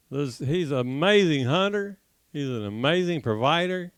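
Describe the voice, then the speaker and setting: A man teaching a congregation class, telling a folksy joke with laughs and loud acted-out gunshots, then leading a prayer. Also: mid-range voice, no echo. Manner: jokey storyteller who laughs at his own tale, acts out shots loudly.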